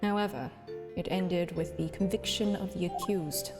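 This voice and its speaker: A woman's voice: lowish voice, over loud music, close to an everyday voice. A woman voicing Miles Edgeworth, stern prosecutor. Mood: reflective. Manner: formal, measured, hushed narration. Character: stern, aloof young male prosecutor. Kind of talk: live voice-over of a video game.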